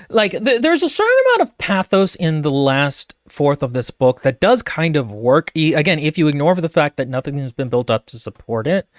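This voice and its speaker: A man's voice: on the high side, clean tone, no room sound, studio quality. A man co-hosting a podcast, talking casually and with strong opinions about a book, full of fillers and restarts. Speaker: podcast co-host.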